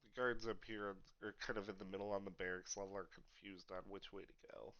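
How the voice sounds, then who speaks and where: A man narrating as game master of a tabletop game in a relaxed, low-key way with fillers. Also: a little fast, lo-fi sound.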